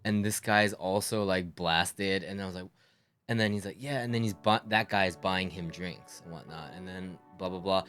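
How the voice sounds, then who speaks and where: A man's voice: low-pitched, moderate pace, faint music behind. Young man telling stories casually. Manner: animated storyteller, acts out quoted voices. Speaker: streamer. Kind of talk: casual chat.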